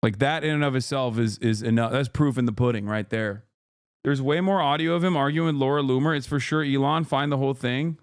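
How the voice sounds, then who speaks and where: A male streamer reacts to clips, blunt and swearing freely in an excitable rush of commentary. His voice sits at an ordinary middle pitch and sounds dry and close. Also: a little fast, clean tone, dry recording. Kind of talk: casual commentary.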